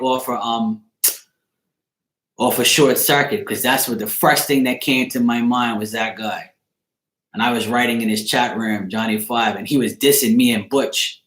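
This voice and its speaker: A man's voice: medium pitch, a bit bright. A man hosting a tarot channel, telling a profane story in a casual, laughing rant. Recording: roomy echo.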